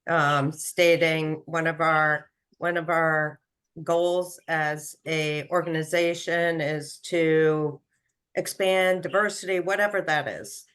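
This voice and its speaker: A woman speaks over a video call in a remote public meeting as a commission member. Her voice sits very low and she talks slowly. She picks her words in a plain, deliberate way. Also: fairly even intonation, fairly bright tone, smooth.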